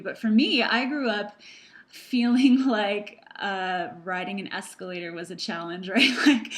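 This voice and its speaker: A middle-aged woman, a practitioner of emotional processing, talking earnestly to camera and telling a personal story with many fillers and restarts. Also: mid-range voice. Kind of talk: casual talk to camera.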